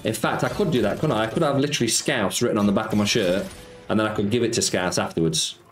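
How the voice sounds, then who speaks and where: A man's voice: lowish voice, fast talker. A man hosting a casual live stream, chatting with viewers and answering their comments. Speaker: slots streamer. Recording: roomy sound with faint music.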